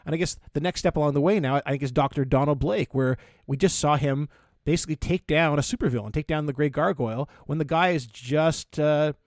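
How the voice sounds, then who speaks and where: A man co-hosting a casual podcast chat, talking in halting bursts with many stammered restarts. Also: on the high side, dry recording, clean studio sound. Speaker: podcast co-host.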